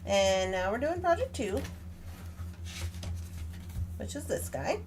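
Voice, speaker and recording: Chatty woman, lively voice. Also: mid-range voice, slow pace, slight background noise. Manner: chatty, animated, talks to her pet and viewers. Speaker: livestream craft host. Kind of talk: casual live craft tutorial.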